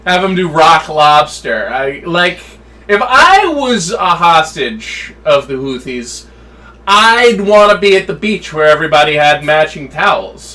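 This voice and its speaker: A man's voice: on the high side, big pitch swings, a little slow, sharp tone, far from the mic. A man co-hosting a comedy podcast, riffing and joking in casual chat. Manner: jokey, riffing. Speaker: podcast co-host.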